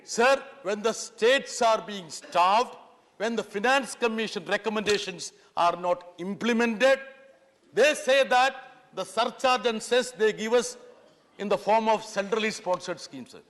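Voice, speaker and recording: Middle-aged man, very high voice, insistent parliamentary speech in a big reverberant chamber. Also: bright, forceful tone. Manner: insistent, repeatedly pleading "sir". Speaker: member of parliament. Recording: long hall reverb in a large chamber.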